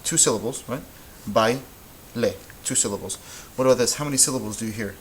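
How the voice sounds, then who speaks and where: A man teaching Spanish in a relaxed, patient way, thinking aloud as he works through examples. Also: medium pitch, fairly quick, slight background noise, rough recording. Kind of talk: informal classroom explanation.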